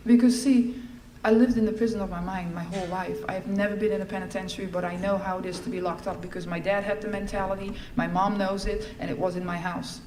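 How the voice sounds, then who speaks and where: A middle-aged woman giving a personal testimony at a recovery fellowship event, telling her story in a lively way and acting out the lines she quotes. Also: medium pitch, fast talker, hardly any pauses. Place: large event hall. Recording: echoey hall with faint ambience.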